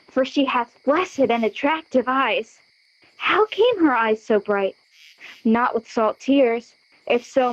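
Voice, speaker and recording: A woman's voice: on the high side, no echo, dull audio. A teen girl as a scorned, pleading young noblewoman. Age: teens. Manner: plaintive, pleading verse reading. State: out of breath. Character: young scorned noblewoman, desperate and self-pitying. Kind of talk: school audio play of verse drama.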